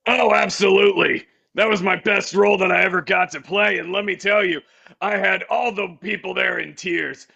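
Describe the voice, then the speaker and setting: A man voicing a gruff teen anime hero who talks sweetly, gushing and sentimental. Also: high-pitched, steady tone, normal speed, sharp tone, lo-fi sound, full character voice. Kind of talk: improv comedy voice.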